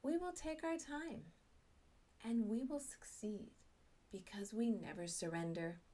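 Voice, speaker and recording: A middle-aged woman tells a personal story with a fairly high voice. She takes her time, letting each phrase land slowly. Her delivery is self-mocking and animated, and she acts out her own thoughts. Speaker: speaker sharing a personal story.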